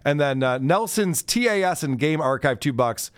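A man's voice: fairly high pitch, expressive, normal speed, smooth, no room sound. A man co-hosting a podcast in casual chat, reading viewer messages, laughing often and teasing with profanity. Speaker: podcast co-host.

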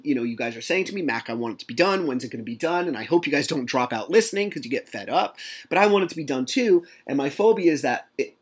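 A podcast host with a medium-pitched voice runs a solo show, chatting casually and telling stories with animation. He reenacts conversations and swears now and then.

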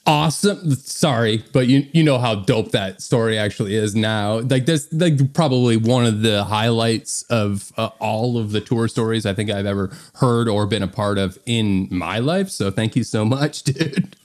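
A man's voice: lowish voice, normal speed, hardly any pauses, a little mellow. A man hosting a podcast, teasing his guest and laughing along in casual profane chat. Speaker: podcast host.

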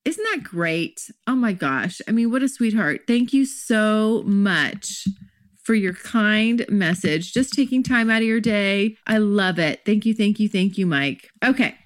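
A woman's voice: mid-range voice, animated, unhurried, dry recording, studio quality. A woman hosting her own podcast, talking in a chatty, gushing way with lots of fillers. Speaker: podcast host. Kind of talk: casual solo podcast talk.

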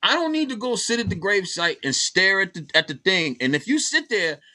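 A man's voice: sits high, brisk. A man who works as a stand-up comedian, talking bluntly and with plenty of swearing in a casual chat. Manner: blunt, profane, animated storyteller.

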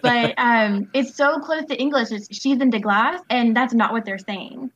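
A woman's voice: on the high side, normal speed, fairly bright tone, lo-fi sound. A woman guest on a podcast, giggling and sharing fun facts in casual chat.

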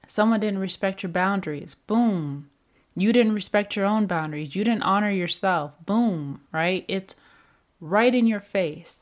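Slow, low-voiced woman on anger. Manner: repetitive, emphatic, rhetorical questions. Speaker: speaker on anger and emotions. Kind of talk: reflective self-help talk.

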